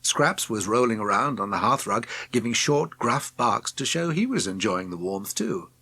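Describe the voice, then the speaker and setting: A man narrating a children's storybook with expressive, gentle storytelling. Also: lowish voice, moderate pace, breathy edge, no room sound. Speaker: audiobook narrator.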